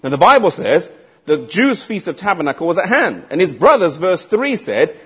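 A man's voice: high-pitched, big pitch swings, normal speed, a bit bright, breathy edge. A man preaching a sermon, emphatic and asking the congregation rhetorical questions.

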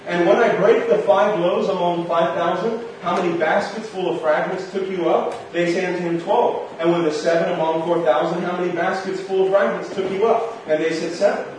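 A man's voice: high voice, fairly even intonation, a little fast, few pauses, slight background noise. A man preaching a sermon, reading scripture aloud and then explaining it to the listeners, whom he calls friends. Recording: very echoey room heard from a distance.

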